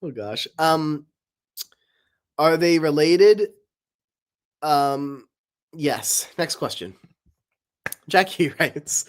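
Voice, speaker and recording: A woman's voice: sits low, expressive, slow, pauses often. A woman chatting casually and answering viewer voice requests, giggling and rambling between them. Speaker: voice-request streamer. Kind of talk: casual Q&A chat.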